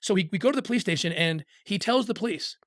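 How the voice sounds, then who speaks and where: A middle-aged man telling a personal story in an interview, earnest and halting, with many restarts as he acts out the voices of others. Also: high voice, expressive, a bit bright, no echo, studio quality. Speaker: interview guest.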